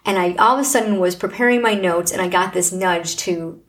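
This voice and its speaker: A woman's voice: fairly low pitch, fairly quick. A middle-aged woman hosting a podcast, sharing a personal faith testimony in an earnest, heartfelt, preaching manner. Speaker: podcast host.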